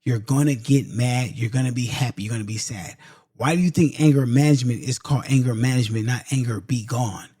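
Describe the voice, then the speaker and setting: A man's voice: medium pitch, fairly quick, mellow, slightly rough, no echo, clean studio sound. A man hosting a podcast, giving a casual motivational talk straight to his listeners, driving points home by repeating them. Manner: emphatic, repeats points for stress; casual, addresses listeners directly as y'all. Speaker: podcast host.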